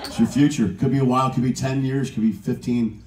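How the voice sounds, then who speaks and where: A man in his forties doing a crude, animated stand-up comedy routine in a cruise ship comedy lounge, shouting his punchlines. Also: mid-range voice, brisk, slight background noise. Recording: roomy lounge, far from the mic, with crowd laughter. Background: audience laughter.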